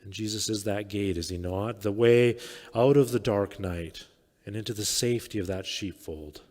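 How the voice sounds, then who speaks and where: Guy pastor giving a sermon, lowish voice, long church echo, soft trailing lines. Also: normal speed. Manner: reflective, with quiet trailing phrases. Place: church sanctuary.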